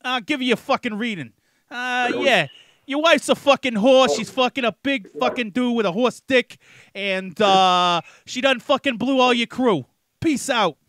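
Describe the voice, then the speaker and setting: A man putting on a crude, loud male phone psychic with a New Jersey accent, talking brashly and vulgarly. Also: very high voice, moderate pace, no room sound, studio quality, voice pushed up. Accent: put-on New Jersey.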